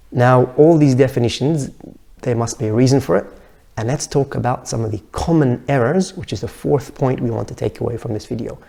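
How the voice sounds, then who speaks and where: Male teacher with Arabic as his first language, dark gravelly voice, patient, repeats sounds slowly for pronunciation drills. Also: medium pitch. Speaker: Tajweed teacher. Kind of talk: recorded lesson.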